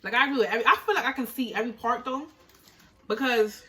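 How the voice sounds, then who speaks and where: A woman's voice: fairly high pitch, quick pace, bright, forceful tone, recorded from a distance, rough recording. A young woman chatting casually with her sister over a meal, laid-back and talking to the viewers. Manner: laid-back, many fillers, speaks to the viewers. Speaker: vlog co-host.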